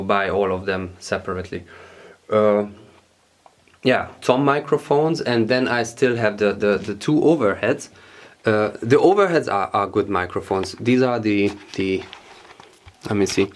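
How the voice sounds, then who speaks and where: Halting non-native man touring his gear. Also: lowish voice. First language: German. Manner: halting, many fillers and repeated words, searching for English terms. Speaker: drummer showing his gear. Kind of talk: casual gear tour.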